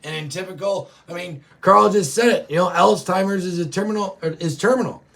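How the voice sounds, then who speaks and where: A man hosting a show, ranting profanely and yelling often, reacting to live chat. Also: sits high, brisk, gravelly, distant mic. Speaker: show host. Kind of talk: political rant to live chat.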